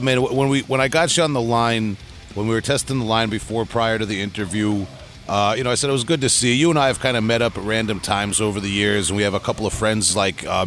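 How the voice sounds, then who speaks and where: A man's voice: lowish voice, a bit bright. A man hosting a podcast interview, talking loosely with many restarts and fillers. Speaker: podcast host. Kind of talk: casual interview chat.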